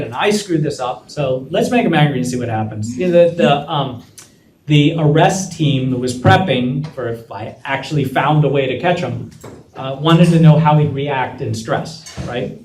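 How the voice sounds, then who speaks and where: A man telling a lively story to law students and acting out the dialogue as he goes. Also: on the high side, a little hiss or hum. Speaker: guest speaker. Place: lecture room. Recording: echoey room from a distance.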